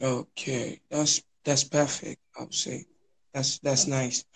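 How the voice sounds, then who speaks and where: A young man from Nigeria with a Nigerian accent, chatting casually on a podcast, often pausing and restarting his sentences. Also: mid-range voice, little pitch movement, creaky, a bit bright. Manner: hesitant, many restarts and fillers. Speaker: podcast guest. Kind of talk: casual chat.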